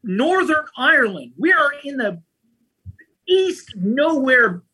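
Man host, husky and bright, chatty storyteller with a lively, swinging delivery. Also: very high-pitched, slow. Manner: lively, chatty, often adds "right?" and "man". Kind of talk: casual storytelling chat.

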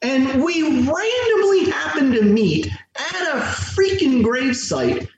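Man, high animated storyteller, echoey distant room mic, slight hiss. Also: takes it slowly. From United States. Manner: animated, repeats words when starting sentences. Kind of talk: casual storytelling chat.

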